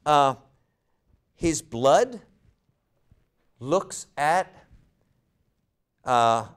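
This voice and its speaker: A man's voice: fairly high pitch, lively intonation, drawn-out words, clear, resonant tone. A man teaching a Bible study lecture, often asking rhetorical questions and repeating words as he thinks.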